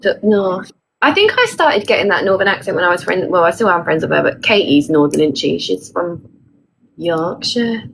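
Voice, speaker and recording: A woman with a gravelly, fry-edged voice talks on a phone call. She chats frankly and reassures her friend, with a little faint background hiss. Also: lowish voice, big pitch swings, moderate pace. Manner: warm, reassuring, chatty and frank. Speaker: supportive friend. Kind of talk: casual chat.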